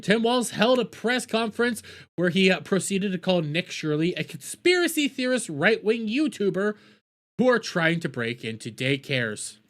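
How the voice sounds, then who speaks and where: A man delivers combative reaction commentary, cursing freely as he argues with a clip. His voice sits high and bright, with pitch that leaps around wildly. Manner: combative, ranting, heavy swearing. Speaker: streamer reacting to news clips.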